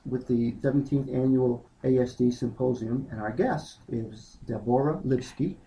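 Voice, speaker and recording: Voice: mid-range voice, normal speed, warm tone, highs cut off. A podcast host introducing and questioning a guest in a polite, formal, slightly hesitant way. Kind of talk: podcast interview.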